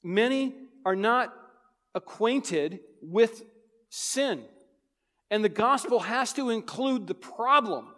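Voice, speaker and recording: A man preaching a sermon as pastor, emphatic, swinging between loud urgent lines and hushed ones. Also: high voice, animated, slow, in a large hall.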